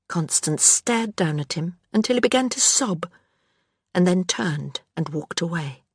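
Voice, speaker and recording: A woman reads a historical novel aloud in a steady, measured way. Her voice is somewhat low, and the recording is dry, with no room sound. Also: breathy edge, no room sound. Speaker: audiobook narrator. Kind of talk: scripted narration.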